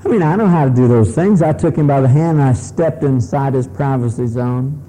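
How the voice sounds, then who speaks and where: A man's voice: mid-range voice, fairly quick, mellow, low-quality recording. A man preaching a sermon in a humorous, conversational way, often asking the congregation questions.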